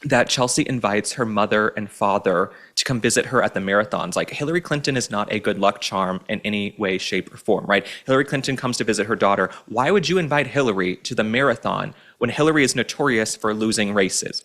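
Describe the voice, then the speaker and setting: A man's voice: fairly low pitch, a bit bright. A man from Dallas hosting a political commentary show, delivering an opinionated monologue in a sarcastic, theatrical way with frequent asides. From Dallas, Texas.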